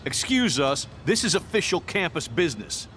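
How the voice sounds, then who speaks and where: A man's voice: fairly high pitch, big pitch swings, normal speed, fairly bright tone, slight background noise. An actor playing a stern, threatening middle-aged campus security man in a game.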